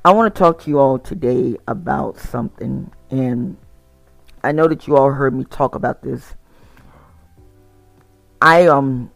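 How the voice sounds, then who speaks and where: A man's voice: mid-range voice, a little slow, creaky, pauses often, no room sound, faint music behind. A tired man talking casually to his community, rambling with frequent restarts and repeated words. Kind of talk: casual monologue to camera.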